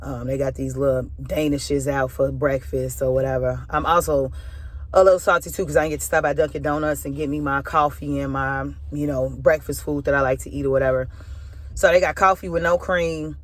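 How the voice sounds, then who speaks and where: A woman's voice: rumbling low, fairly even intonation, a little fast. A woman speaking as a spoken word minister, telling a personal story in a loose, candid way with casual filler phrases. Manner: candid, emotional retelling.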